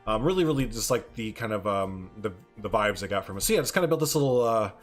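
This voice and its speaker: A man's voice: on the low side, animated, fast, soft background music. A man casually streaming a zoo-building game, chatting loosely and answering viewer chat as he goes. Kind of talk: casual live-stream commentary.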